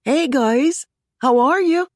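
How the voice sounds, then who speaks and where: A woman's voice: high-pitched, slow pace, a little mellow, no room sound, voice pushed up. Woman putting on a lilting irish producer lady, chill, dry close sound. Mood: friendly.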